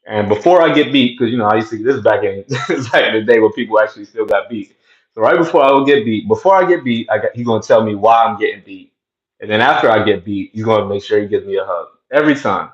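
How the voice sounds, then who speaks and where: A man's voice: fairly low pitch, fast talker. A man hosting his own show, telling a childhood story in a conversational way and then making his point. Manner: conversational, animated when telling stories. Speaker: host. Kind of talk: casual commentary with storytelling. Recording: echoey room, slightly dull sound.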